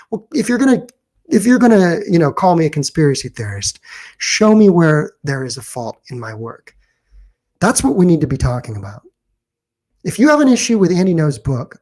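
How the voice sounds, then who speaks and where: A man's voice: high voice, darkish tone. A man delivering an off-the-cuff commentary, pressing his points in an argumentative, defensive way. He often stalls on fillers and restarts his sentences, then pushes on to challenge his critics. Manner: argumentative, with frequent pauses and restarts. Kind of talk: unscripted opinion monologue.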